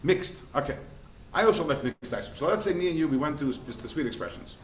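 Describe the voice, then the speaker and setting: A man, a rabbi teaching a class, in a lively way, often asking the listeners questions. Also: fairly high pitch, fast. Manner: animated, asks the class rhetorical questions. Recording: echoey room with faint noise.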